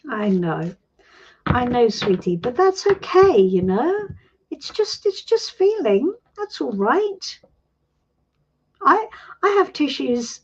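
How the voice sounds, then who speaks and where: British tarot lady on a live stream, high bouncy voice, kind of dull lo-fi sound. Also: very animated, slow pace, pauses often, husky. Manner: warm, reassuring, calls people sweetie. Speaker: tarot reader and host. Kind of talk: live-stream coaching chat.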